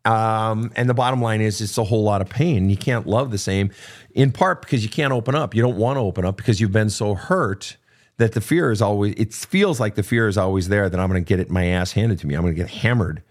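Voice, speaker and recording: A man's voice: fairly low pitch, fairly quick. A middle-aged man hosting a show, giving blunt, profane, direct advice to listeners' questions without a script. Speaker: podcast host answering listener questions. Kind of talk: unscripted advice talk.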